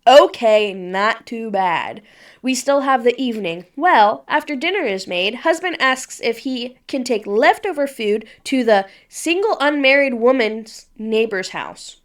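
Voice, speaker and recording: A woman's voice: a little high, lively intonation, a little slow. A young woman co-hosting a casual podcast, giggly and bubbly, reading posts aloud and adding asides. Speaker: podcast co-host.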